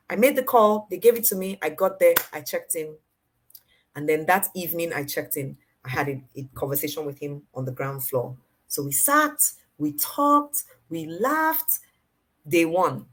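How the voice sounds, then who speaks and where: A woman, telling a personal story in an animated way and repeating phrases for effect. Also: sits low, moderate pace. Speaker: motivational speaker.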